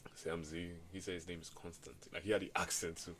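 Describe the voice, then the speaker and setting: A young man co-hosting a podcast, telling stories excitably and filling his talk with "bro" and "like". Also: sits low, rapid-fire, slight background noise. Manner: excitable storyteller, says "bro" and "like" a lot. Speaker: podcast co-host. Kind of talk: casual chat.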